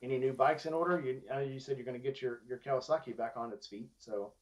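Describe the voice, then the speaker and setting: A man hosting an interview, chatty and quick to tell stories. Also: mid-range voice, fairly even intonation, low-quality recording. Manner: chatty storyteller. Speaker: interview host. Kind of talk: casual interview conversation.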